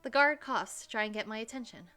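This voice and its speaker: Woman as a brash young American woman, defensive and brisk; first-person game narration. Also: fairly high pitch, sharp tone, faint music behind.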